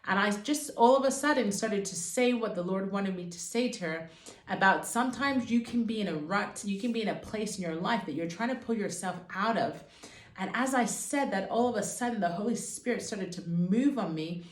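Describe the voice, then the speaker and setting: A woman's voice: mid-range voice, normal speed. Earnest woman in a roomy space. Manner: earnest, fervent storytelling. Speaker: Christian vlogger. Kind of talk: personal testimony to camera. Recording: roomy echo.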